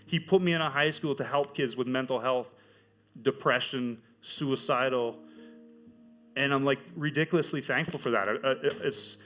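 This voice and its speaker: A middle-aged man telling his church testimony as a teacher, with animated storytelling. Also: mid-range voice. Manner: animated storytelling, acts out quoted voices. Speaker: high school teacher giving a testimony.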